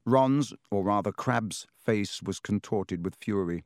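A man narrating an audiobook in a measured, steady storytelling manner. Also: on the low side, no room sound, clean studio sound.

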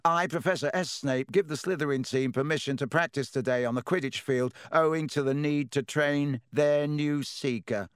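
A man voicing a large, smug teenage rival captain who talks in an unhurried way. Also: on the high side, smooth, no room sound, studio quality, pitched above the performer's own voice, close to an everyday voice.

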